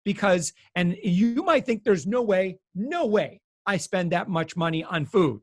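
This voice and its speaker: This animated man sits on the higher side of the usual male pitch range. He talks in a loose, chatty way full of fillers and restarts. His voice comes across very dry and close, with no sense of the room around it. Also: measured pace, dry recording. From United States. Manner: animated, many fillers, acts out quotes. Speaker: guest consumer expert. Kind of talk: casual explanatory talk.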